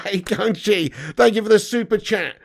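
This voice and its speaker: A man in his thirties hosting a live football fan stream, joking, laughing and shouting out viewers. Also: sits high, vocal fry. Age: 30s. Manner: laughing, jokey, loud shout-outs. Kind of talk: casual live-stream banter.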